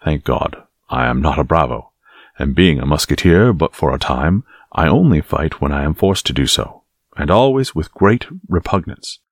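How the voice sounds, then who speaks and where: Brief: cold, courteous young musketeer in a storybook, read by a deep, husky man. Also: lively intonation, no room sound, studio quality, heavily acted. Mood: stern. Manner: measured, coldly courteous.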